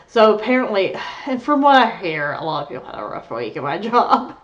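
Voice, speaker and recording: A woman's voice: on the low side, very animated, fairly quick, highs cut off. A young adult woman vlogging, telling a rambling story in casual chat and laughing as she goes. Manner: candid, rambling, laughs through her story.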